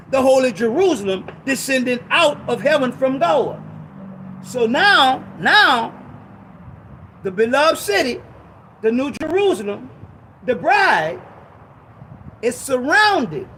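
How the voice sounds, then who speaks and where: Male preacher, very high and animated voice, exhorting, slow scripture reading. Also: a little hiss or hum, rough recording. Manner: exhorting, reads scripture slowly and repeats lines. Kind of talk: sermon teaching.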